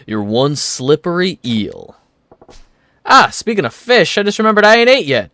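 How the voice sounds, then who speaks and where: A man voicing a brash, rough-talking male street fighter from a game. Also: sits high, huge pitch swings, a little slow, pushed and bright, exaggerated voice. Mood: cocky.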